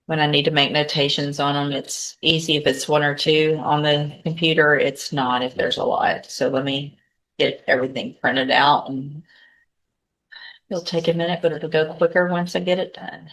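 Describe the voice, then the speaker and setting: Low-voiced woman judge in court. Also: fairly even intonation, moderate pace, a bit bright. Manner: procedural, methodical, thinking aloud between formal readings. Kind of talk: courtroom proceedings.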